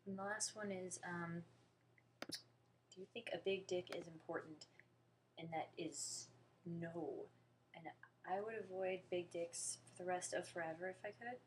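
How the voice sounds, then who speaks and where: Low-voiced American woman, rambling half-whispers. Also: unhurried, long pauses, slight background noise. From United States. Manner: rambling and excitable, many fillers, often dropping to a half-whisper. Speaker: vlogger answering viewer questions. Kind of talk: casual question-and-answer chat.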